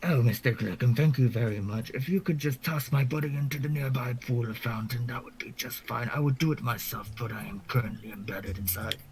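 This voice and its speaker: A man's voice: medium pitch, a little fast, hardly any pauses, a little mellow, slight background noise, voice pushed up, lightly acted, rough recording. A man voicing a politely trapped wall-bound gent. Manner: courteous, formal.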